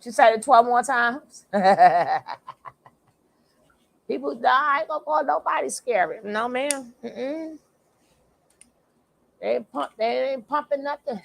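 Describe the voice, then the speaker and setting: A woman hosting a reaction channel, talking loudly and animatedly in casual commentary, laughing and repeating her phrases. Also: high voice, a little slow, gravelly.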